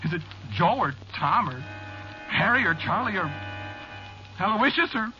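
A man's voice: high-pitched, expressive, moderate pace, bright, forceful tone, faint music behind, full character voice. An actor playing a frightened man who is being hunted, pleading and panicky, in old-time radio drama style. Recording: dull, hissy old radio recording.

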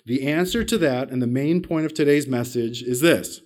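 A man preaching a sermon, telling a personal story with big swings in pitch and loudness, self-deprecating and asking the congregation questions. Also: normal speed, hardly any pauses. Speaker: pastor.

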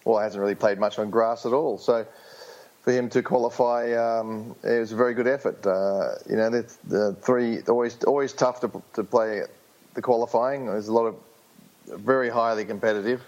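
A man from Australia in his fifties, a guest coach answering interview questions in a relaxed, hesitant way with many fillers. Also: mid-range voice, normal speed, muffled recording. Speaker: guest, former tennis champion and coach.

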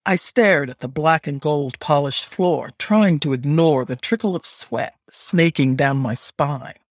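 A man narrating a first-person fantasy story in a measured, scripted audiobook reading. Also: on the high side, no room sound, studio quality.

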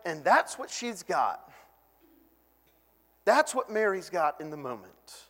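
Animated preacher in a reverberant hall. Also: male voice, sits high, slow pace. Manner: animated, conversational preaching with lively quoted voices. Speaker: pastor. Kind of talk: sermon.

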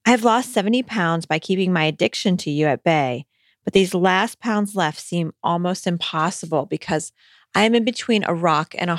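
Woman, podcast host, reassuring conversational advice talk, somewhat low-pitched, dry recording. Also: no echo. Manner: reassuring, conversational, with hesitant restarts. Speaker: podcast host answering listener letters.

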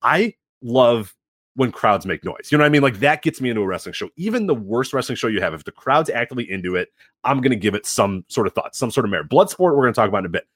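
A man talks quickly as a podcast co-host, his pitch swinging up and down as he rambles through animated stories. The recording is dry and close, with no room sound. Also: no room sound. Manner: animated, rambling storytelling with many fillers. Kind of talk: casual podcast chat.

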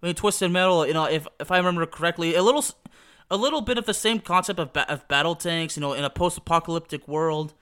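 A man's voice: on the high side, fast talker, fairly bright tone, clear, resonant tone. A young man hosting a podcast, rambling casually through nostalgic memories with many restarts and fillers. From Texas. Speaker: podcast host.

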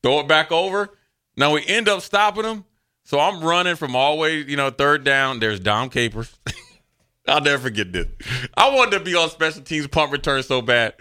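A man co-hosting a sports talk show, telling stories from his playing days in a loose, animated way and acting out what others said. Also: a little high, moderate pace, clean tone. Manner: animated storyteller, acts out quotes, loose and chatty. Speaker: sports radio co-host, former NFL player. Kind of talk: casual sports talk storytelling.

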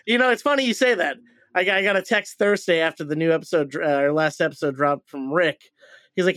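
A man's voice: fairly high pitch, quick pace, fairly bright tone, no echo. A man co-hosting a podcast in loose, rambling, joking casual chat, recorded in a shed. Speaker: podcast co-host. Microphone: home recording setup in a shed.

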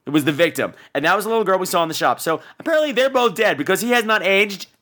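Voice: mid-range voice, expressive, racing, a bit bright. A podcast host giving a casual movie review in a sarcastic, exasperated rant.

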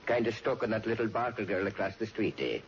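An actor playing a good-natured, teasing married police officer, in a 1940s radio sitcom. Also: male voice, on the low side, quick pace, lightly acted. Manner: jovial, teasing, fatherly. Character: good-natured married beat cop, middle-aged man. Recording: dull hissy old radio recording.

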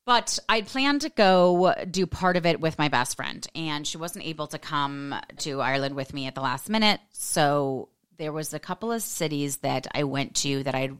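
Woman, American, 40s, low pitch, smooth clear voice, sassy storytelling podcast host. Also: moderate pace, hardly any pauses. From United States. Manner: animated, sassy, acts out quoted voices. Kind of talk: casual storytelling monologue.

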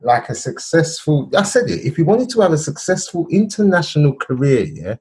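Animated man telling a story. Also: a little high, a little fast. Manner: animated storytelling, checks in with "yeah?" and "bro". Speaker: podcast co-host. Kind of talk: casual chat.

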